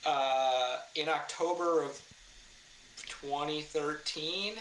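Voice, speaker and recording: A man with a bright, forceful voice and a somewhat high pitch, telling a story as a podcast guest. He is animated, acts out quotes loudly and swears along the way. The room is echoey, with a faint ambient hiss behind him. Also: slow. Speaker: guest, car builder and former racer. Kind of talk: casual storytelling in a podcast interview.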